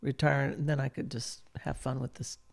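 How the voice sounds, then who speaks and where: A woman's voice: rumbling low, little pitch movement, moderate pace, vocal fry, a little mellow. A middle-aged woman talking casually as a guest, chatty and laughing often as she speaks. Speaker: guest, real estate broker. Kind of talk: casual conversation.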